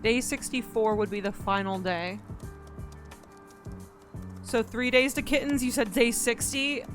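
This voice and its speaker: A woman's voice: a little high, steady tone, measured pace, over music. A woman streaming live, chatting in a playful, joking way and thanking her donors. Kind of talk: casual live-stream chat.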